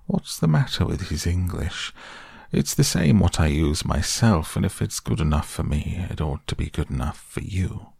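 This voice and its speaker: A man voices a blunt old badger who gives orders. He talks deep and gravelly with a husky edge, and he is peevish and commanding. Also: expressive, moderate pace, a little mellow, dry recording, exaggerated voice. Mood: gruff. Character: gruff old male badger, blunt and bossy.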